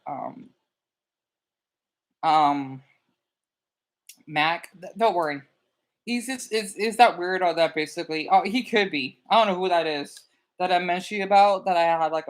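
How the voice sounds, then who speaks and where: A man chatting casually on his live stream in a rambling, animated way, answering his chat and bluntly scolding trolls. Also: sits high, moderate pace.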